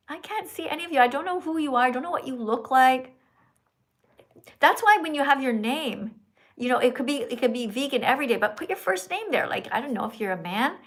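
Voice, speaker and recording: A woman hosting a live stream, reading donations and coaxing her viewers in an animated way. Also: sits high. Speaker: livestream host.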